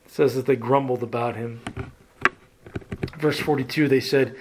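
A man preaching a sermon in a slow, deliberate way, asking his listeners direct questions and letting his phrases trail off softly. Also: medium pitch, steady tone.

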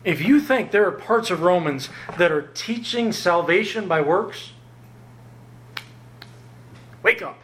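A man preaching a sermon in an emphatic, animated way, his voice climbing high whenever he stresses a point. His voice sits a little high for a man. A faint hum runs under the recording. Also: normal speed. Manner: emphatic, rises sharply in pitch to stress points. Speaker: pastor.

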